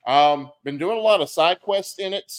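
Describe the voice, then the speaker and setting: A man co-hosting a casual gaming podcast, chatting in an animated, joking way. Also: fairly high pitch. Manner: animated and joking, quick to laugh. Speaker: podcast co-host.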